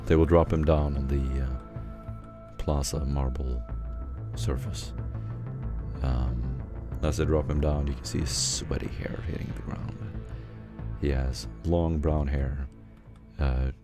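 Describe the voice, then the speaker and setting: Male game master, very low voice, unhurried scene narration, music underneath. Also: fairly even intonation. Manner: descriptive, unhurried, with fillers.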